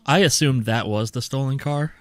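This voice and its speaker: A man's voice: mid-range voice, normal speed, fairly bright tone, no room sound. A man with a Texan accent, a former officer co-hosting a livestream, making dry, wry remarks. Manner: dry, wry short interjections. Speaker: podcast co-host, former police officer. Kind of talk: casual livestream commentary.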